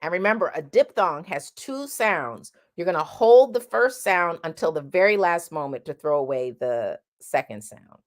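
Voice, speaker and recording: A woman teaching a singing lesson, speaking directly and bluntly, and breaking off to sing drawn-out vowel sounds as demonstrations. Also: on the low side, expressive. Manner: sings vowel demonstrations between explanations.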